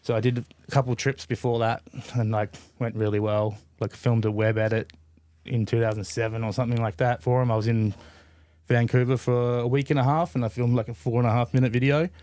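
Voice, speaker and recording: An Australian man in his forties spins a long anecdote as a podcast guest, loose and easygoing. His voice is neither high nor low, and it is heavy on fillers and the odd swear word. The recording is dry and close, with no room sound. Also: flat delivery, brisk, a little mellow, no room sound. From Adelaide, Australia. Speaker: podcast guest, BMX rider. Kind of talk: casual storytelling.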